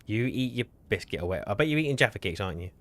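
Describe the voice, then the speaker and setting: Man, deep-ish voice, casual game-stream chat, teasing, restarts mid-sentence. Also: expressive, rapid-fire, fairly bright tone. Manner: chatty, self-correcting, teasing.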